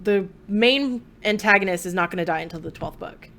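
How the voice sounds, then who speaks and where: A woman's voice: mid-range voice, brisk. A young adult woman hosting a podcast, chatting casually and telling stories with laughter. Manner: animated storytelling, laughs often. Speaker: podcast host. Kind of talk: casual chat.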